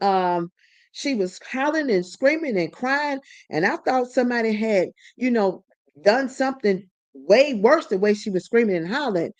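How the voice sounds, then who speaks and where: A woman's voice: fairly low pitch, no room sound. A woman hosting a live stream, telling a story in casual conversation and acting out the quoted dialogue. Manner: animated, acts out quoted dialogue.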